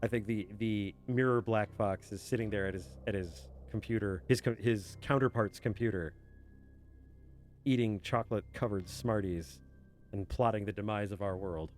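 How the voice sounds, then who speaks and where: A man's voice: on the low side, normal speed, darkish tone. A young man streaming a game and chatting casually with his viewers, laughing often and slipping into silly asides. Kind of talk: casual chat with chat while gaming. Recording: faint game music behind. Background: game music.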